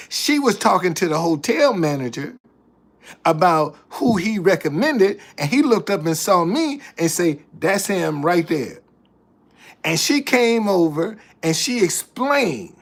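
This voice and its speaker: A tour guide chats casually to the camera, telling stories slowly and without hurry in a gravelly, creaky, high-sitting voice. He keeps circling back, repeating and restarting phrases.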